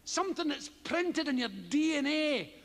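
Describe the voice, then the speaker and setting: A Scottish man doing stand-up, telling a profane story in an animated way and acting out yells and strange noises himself. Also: very high-pitched, normal speed, in a large hall. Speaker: stand-up comedian. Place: theatre stage before a live audience.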